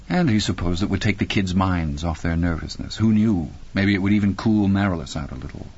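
A man giving a steady, measured scripted narration of a story. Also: low-pitched, slightly rough, lo-fi sound. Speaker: audiobook narrator.

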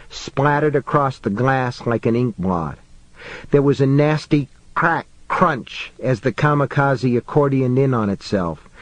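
A man narrates a suspense story in an unhurried, deliberate pace. His delivery is measured and builds quiet tension. The recording is close and dry, with no room sound at all. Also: mid-range voice, no echo, poor audio. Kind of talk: audiobook narration.

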